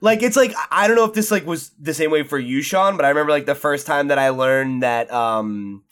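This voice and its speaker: A man's voice: on the high side, a little fast, a bit bright, clear, resonant tone. A man co-hosting a casual podcast who rambles, says "like" constantly and swears casually. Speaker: podcast co-host. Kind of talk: casual chat.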